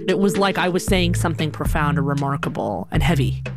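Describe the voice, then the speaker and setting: A woman telling a personal story in an animated, conversational way, with many casual fillers. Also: low-pitched, fairly quick, loud music behind the voice. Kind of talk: personal story told to an audience.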